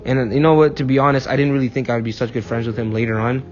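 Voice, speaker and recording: A man's voice: medium pitch, steady tone, racing. A young man telling profane, rambling anecdotes in a casual chat with a friend. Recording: dull lo-fi mic, faint music.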